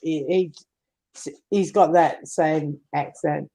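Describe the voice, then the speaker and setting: A woman co-hosting a casual live stream, adding measured side remarks. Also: sits low, steady tone, mellow.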